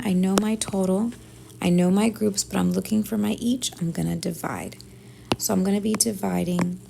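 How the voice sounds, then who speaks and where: A woman teacher working through division word problems step by step, thinking aloud and often dropping to a soft near-whisper. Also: on the low side, vocal fry, noisy background. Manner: thinks aloud step by step, often softly under her breath. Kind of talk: math lesson walkthrough.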